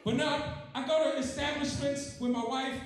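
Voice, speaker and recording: A man's voice: very high voice, steady tone, moderate pace. A man doing a profane, punchy stand-up routine. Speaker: comedian. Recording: very echoey room with faint crowd.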